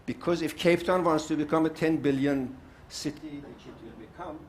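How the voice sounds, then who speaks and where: At a summit panel, an older man from South Africa speaks with passion and bluntness, driving his arguments home by saying them again. His voice is a little high and his pace moderate, with slight background noise.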